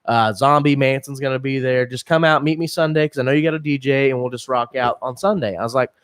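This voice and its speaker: A man's voice: mid-range voice, fast talker, a bit bright, smooth, no room sound, clean studio sound. A man in his thirties co-hosting a podcast, telling a long story with lots of swearing and laughter. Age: 30s. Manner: rambling, profane storytelling with frequent laughs. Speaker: podcast co-host. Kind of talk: casual podcast banter.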